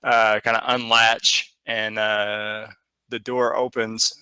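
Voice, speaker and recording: A man narrating as dungeon master, describing scenes loosely and with many pauses and fillers. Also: on the low side, level tone, pushed and bright, smooth, no room sound. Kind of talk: narrating a tabletop game.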